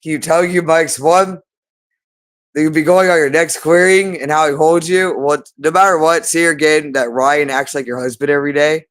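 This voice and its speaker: Man, rambling monologue, agitated, repetitive, profane, slightly high pitch. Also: steady tone, normal speed, a bit bright.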